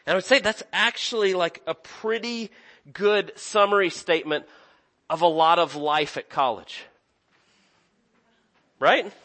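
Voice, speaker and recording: A man's voice: high voice, measured pace, pauses often, sharp tone. A young man preaching a sermon in an earnest, conversational way, often restarting his sentences. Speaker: pastor.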